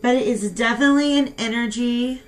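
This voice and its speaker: A young woman giving a casual tarot reading and talking straight to her viewers in a chatty, animated way. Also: a little high, brisk, soft background music. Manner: chatty and animated, talks to viewers as "you guys". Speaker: tarot reader.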